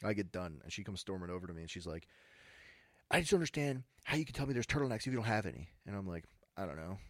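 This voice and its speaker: A young man, telling stories in a laid-back, deadpan way on a casual podcast. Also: low voice, fast talker, no room sound, clean studio sound. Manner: laid-back, deadpan storyteller who mimics angry customers. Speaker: podcast co-host. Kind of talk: casual storytelling chat.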